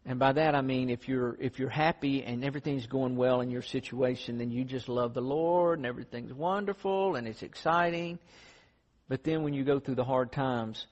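A man's voice: medium pitch, normal speed. A man preaching a sermon in an earnest, conversational storytelling way. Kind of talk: sermon with closing prayer. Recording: dull lo-fi sound in a reverberant hall.

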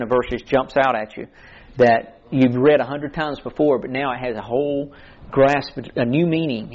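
A man's voice: mid-range voice, highs cut off. A man preaching a sermon in an earnest, conversational way, quoting scripture as he goes.

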